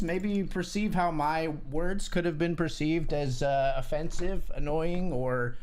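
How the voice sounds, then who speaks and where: A man's voice: a little high, a little slow, a little mellow. A man streaming online poker, commenting casually on his hands and ranting with sarcasm and swearing.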